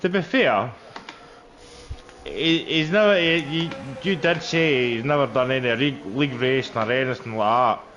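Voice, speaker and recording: A man with a Scottish accent from Stirling talks loosely while racing online, slipping in broad Scots words and laughing easily. His voice sits at an ordinary middle pitch, with a faint noise behind it. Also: measured pace, a bit bright, dull audio. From Scotland. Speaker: sim racing league driver. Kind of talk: casual chat while racing.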